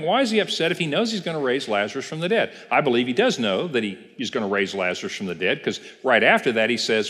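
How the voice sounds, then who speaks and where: A man's voice: mid-range voice, very animated, fast, hardly any pauses, a bit bright. A man pastor giving a casual Bible class, telling the story and asking the class questions. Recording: reverberant church hall.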